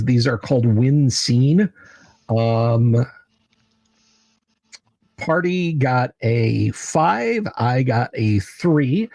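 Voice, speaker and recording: A man running a tabletop game as game master, halting with many filler sounds. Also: mid-range voice, a little mellow, no room sound. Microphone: video call mic.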